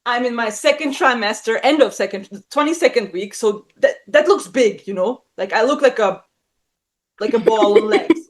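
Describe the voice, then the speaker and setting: A woman in her thirties telling a personal story in casual conversation, blunt and animated, swearing often and acting out the people she quotes. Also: normal speed. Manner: acts out quoted voices with big pitch jumps. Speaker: guest. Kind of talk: casual chat.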